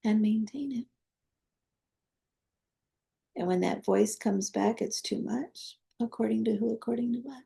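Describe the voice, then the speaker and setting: A woman leads a guided energy-healing meditation in a soft, coaxing voice. Her tone is very dark and mellow, with a strong gravelly fry running through it. She moves between gentle instruction and quiet, prayer-like requests. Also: a little high, unhurried, pauses often.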